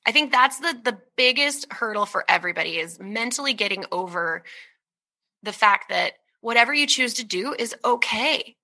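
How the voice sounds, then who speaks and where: A woman in her thirties, talking candidly as an interview guest, lively and laughing often, with lots of "like" and "right?". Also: on the high side, moderate pace. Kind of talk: conversational interview talk.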